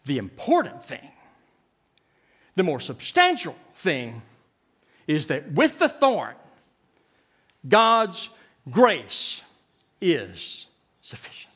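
A man preaching a sermon, swinging from loud, emphatic lines to hushed ones and often repeating his words. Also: fairly high pitch, wildly swooping pitch, very slow, pauses often, breathy edge.

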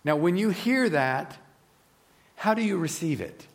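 A man preaching a sermon in an earnest, reflective way, often dropping to a soft, low voice. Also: animated, measured pace.

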